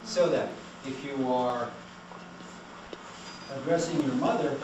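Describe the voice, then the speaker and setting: A man's voice: medium pitch, takes it slowly. A man giving a classroom lecture, explaining patiently and putting questions to the class. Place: lecture room. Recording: very echoey, distant, noisy room recording.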